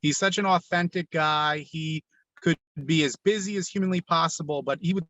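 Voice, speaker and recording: A man's voice: on the high side, normal speed, fairly bright tone, no room sound. A man who is a guest on a podcast, speaking in a friendly, earnest way. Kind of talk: casual chat.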